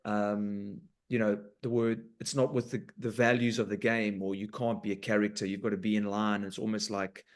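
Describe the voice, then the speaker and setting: A man hosting a podcast in casual chat, animated and informal, with sweary banter. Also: lowish voice, normal speed, few pauses. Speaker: podcast host.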